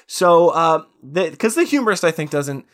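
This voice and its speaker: A man's voice: fairly high pitch, lively intonation, moderate pace, a bit bright. A man in his thirties co-hosting a podcast, telling stories in a rambling way with quoted asides. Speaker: podcast co-host. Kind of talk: casual chat.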